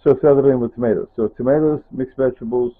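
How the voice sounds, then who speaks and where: A man's voice: medium pitch, fairly even intonation, fast. A man talking casually to camera in his home kitchen, rambling and wandering off topic, often trailing off with "anyway" and "whatever.". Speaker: vlogger. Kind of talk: casual kitchen vlog narration. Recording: tinny phone-like sound.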